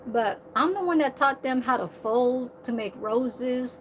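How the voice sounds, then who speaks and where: A woman's voice: high-pitched, unhurried, slight background noise, rough recording. Rambling, profane woman vlogger. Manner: rambling, profane, laughing asides. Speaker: server at a senior living community. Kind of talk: casual monologue.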